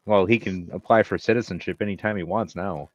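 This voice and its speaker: A man chiming into a casual chat with dry wisecracks. His voice sits on the low side. The sound is somewhat dull. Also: brisk, dry recording. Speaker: podcast guest.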